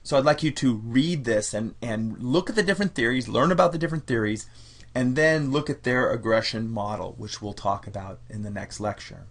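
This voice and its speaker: A man's voice: medium pitch, brisk. Man giving a casual psychology lecture. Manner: conversational, repeats and restarts phrases. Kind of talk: recorded university lecture.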